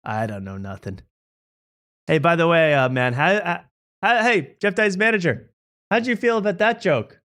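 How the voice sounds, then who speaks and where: A man's voice: on the high side, expressive, normal speed, fairly bright tone. A man hosting a casual late-night show, mocking and joking. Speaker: host.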